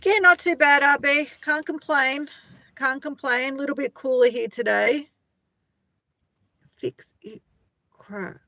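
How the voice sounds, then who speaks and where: A woman's voice: high-pitched, slow, long pauses, bright, forceful tone, dry recording, lo-fi sound. A middle-aged Australian woman chatting casually on a live stream, rambling and greeting viewers by name as she reads their comments. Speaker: livestream host.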